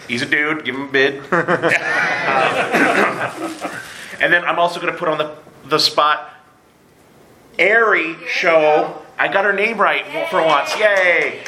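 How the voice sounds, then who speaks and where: A man hosting a live podcast at a convention, joking and plugging shows quickly with casual profanity. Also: fairly high pitch. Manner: joking, rapid plugs with profanity. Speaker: podcast host. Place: convention room with audience. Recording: live room recording with background noise.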